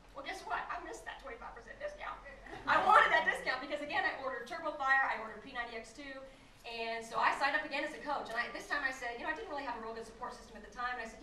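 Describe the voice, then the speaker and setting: A woman telling her success story as a coach, with an excitable, animated way of talking, in a large hall. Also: high-pitched, fast talker, slight background noise. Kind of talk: enthusiastic testimonial speech. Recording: echoey hall from far off.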